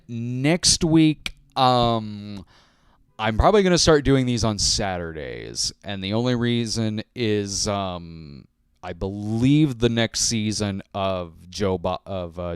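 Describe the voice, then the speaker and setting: A man's voice: fairly low pitch, smooth, dry recording, studio quality. A man hosting a casual livestream chat, rambling and self-deprecating, full of fillers and restarts, talking into a handheld microphone. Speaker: host.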